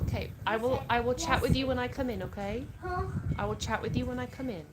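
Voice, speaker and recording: In a fairly high-pitched voice, a woman talks fast while hosting a casual home livestream, reading viewer comments out loud and chatting about them. Background noise and clicks can be heard in the clear recording.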